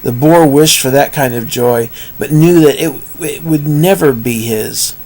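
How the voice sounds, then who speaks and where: A man's voice: a little high, a little slow, darkish tone, poor audio. A man improvising a rambling storybook tale, with puns and asides. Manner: rambling, punning, self-interrupting.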